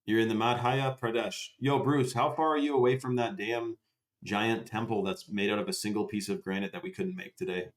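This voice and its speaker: Laid-back, lower-voiced livestream host man. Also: steady tone, fairly quick. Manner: laid-back, swears freely, answers chat by name. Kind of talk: casual livestream chat.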